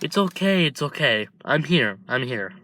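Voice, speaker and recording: A man voicing a protective older brother calming his crying little brother in a fan story. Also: a little high, normal speed, a little hiss or hum. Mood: soothing. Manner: soothing, reassuring.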